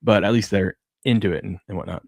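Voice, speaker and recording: A gravelly, low-pitched man in his thirties speaks at a quick pace in a dry recording with no room sound. Co-hosting a sports talk show, he chats casually and tells family stories, laughing often and acting out his kids' voices.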